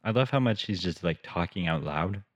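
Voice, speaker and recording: A man's voice: low-pitched, animated, moderate pace. A man reading a children's storybook aloud and breaking off with wry, playful jokes about the text.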